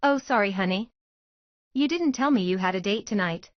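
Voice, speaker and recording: A woman voicing a gently teasing, knowing mother of a teenage daughter, in a fan-fiction story reading. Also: medium pitch, animated, normal speed, no room sound, highs cut off, close to an everyday voice.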